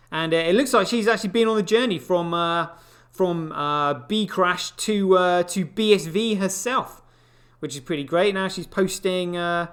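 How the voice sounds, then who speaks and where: Male live-show host, slightly higher voice, rambling casual commentary with fillers and dry asides. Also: fairly bright tone. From United Kingdom.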